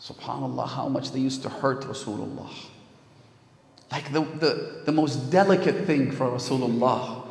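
A man's voice: mid-range voice, moderate pace, gravelly. A man giving a religious lecture as a sermon, telling stories with passion and building to emphatic peaks. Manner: impassioned storytelling, rising to emphatic peaks. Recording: echoey hall with long reverb.

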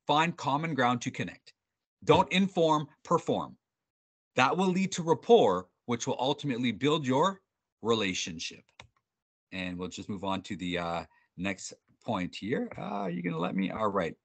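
Bright, upbeat male sales trainer. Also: mid-range voice, normal speed, breathy edge. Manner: upbeat, animated, jokey, with frequent restarts. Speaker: sales trainer presenting a webinar. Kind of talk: energetic workshop presenting. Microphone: video call.

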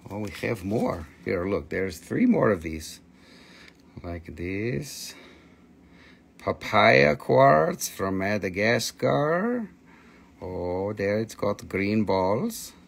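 Excitable man hosting a live crystal sale. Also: lowish voice, drawn-out words, creaky, husky. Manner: excitable, squeals "whee" at prices, non-native phrasing. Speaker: livestream crystal seller. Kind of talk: live sales stream. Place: family crystal shop.

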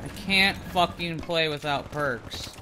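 A man's voice: on the high side, slow, heavy background noise. A young man giving gameplay commentary, ranting and swearing in frustration. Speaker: gamer. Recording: game gunfire under the voice.

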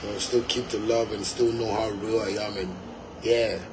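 A man's voice: on the low side, flat delivery, moderate pace, background noise. A young Ghanaian man, a musician, delivering a fiery, emphatic monologue to his fans, repeating his points and slipping into pidgin.

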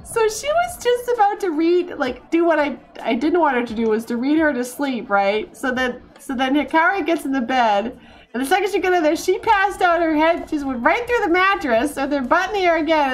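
High, lively woman streamer. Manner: excitable, laughing, exasperated outbursts. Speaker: gaming streamer. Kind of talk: casual gameplay commentary.

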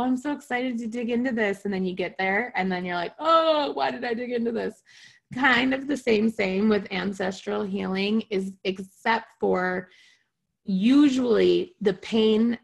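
A woman's voice: mid-range voice, vocal fry. A woman teaching a spiritual class online over a video call. She talks casually, often checks in with her listeners, and jokes at her own expense. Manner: light self-mocking humor.

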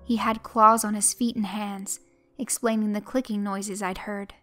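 Woman, horror story narration, measured delivery, mid pitch, soft music under. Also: flat delivery.

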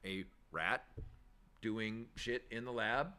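Casual male host, lowish and bright-toned, rambling and candid, swears freely. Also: slow. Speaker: shop owner hosting a weekly chat show. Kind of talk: casual chat.

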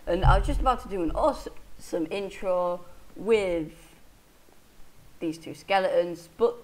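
A woman's voice: on the low side, a little slow, darkish tone, poor audio. A woman commentating her Minecraft play in a chatty, self-mocking way, hiccuping as she talks. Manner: chatty, self-deprecating, talks to in-game animals. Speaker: Minecraft let's player. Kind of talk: casual gameplay commentary.

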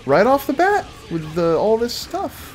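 Slow-talking man reacting to a fighting game. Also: extremely high pitch. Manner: excitable reactions, exclaims, mutters to himself. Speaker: gameplay video creator. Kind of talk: live gameplay commentary. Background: faint game music.

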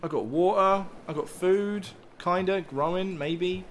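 A man's high-sitting voice comes at a measured pace as he commentates a survival game for his YouTube let's play, rambling, joking, swearing freely, and yelping when startled. A little hiss or hum can be heard.

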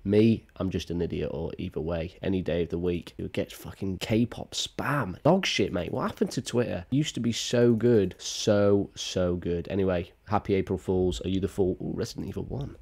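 A man's voice: low-pitched, moderate pace, vocal fry, hardly any pauses, a little mellow. A young man, rambling through sarcastic, sweary reaction commentary. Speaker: vlogger.

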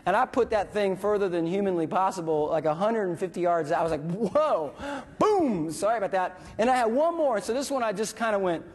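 A man with a husky, slightly breathy voice tells a story to an audience, animated and acting out the voices and sound effects. His words ring out with a long reverb in a large hall. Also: high-pitched, fast talker, hardly any pauses. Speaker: military veteran speaker.

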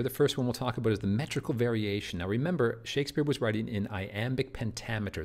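A man with a fairly low voice gives a recorded literature lecture. He talks in loose, searching phrases, often repeats and restarts words, and keeps checking in with his listeners.

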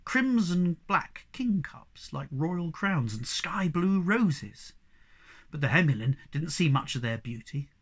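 A man reads a children's storybook aloud in an expressive, animated voice. His tone is bright and slightly high, and it rises and falls a lot. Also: slow, slightly rough. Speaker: narrator. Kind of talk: storybook reading.

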